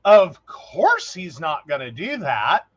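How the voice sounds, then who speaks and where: Animated high-voiced man telling stories. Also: slow pace, muffled recording. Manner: animated storyteller, acts out quotes, laughs often. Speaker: podcast co-host. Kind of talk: casual chat.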